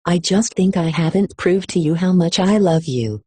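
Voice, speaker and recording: Female reader voicing a quietly intense young man for an audiobook, low and mellow, dry close sound. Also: animated, moderate pace, slightly rough, dry recording. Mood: menacing calm. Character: intense young man, shifting between menace and remorse.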